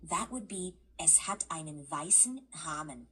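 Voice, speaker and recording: A synthetic woman's voice leads a guided language lesson. She speaks slowly in a very husky, low-pitched tone. She is patient and encouraging throughout. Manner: patient, encouraging, even-paced. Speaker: language tutor assistant.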